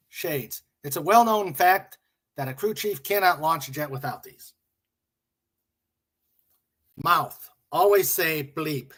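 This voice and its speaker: Slow, husky-voiced man chatting. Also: fairly high pitch, a bit bright. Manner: chuckling, muttering, hums and scats to himself. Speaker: livestream host. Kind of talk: casual chat reading memes aloud.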